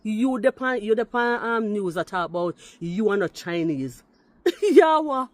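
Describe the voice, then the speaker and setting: A woman from Jamaica with a Jamaican accent who speaks English mixed with patois and gives an indignant, forceful rebuttal aimed straight at someone. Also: medium pitch, steady tone, moderate pace, no echo. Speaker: commenter responding to a video. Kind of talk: heated rebuttal talk.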